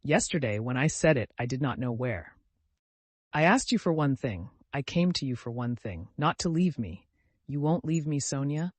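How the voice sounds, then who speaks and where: A man's voice: medium pitch, animated, moderate pace, no room sound, natural voice. A man voicing a tormented young man confessing a murder, speaking in an anguished, pleading way.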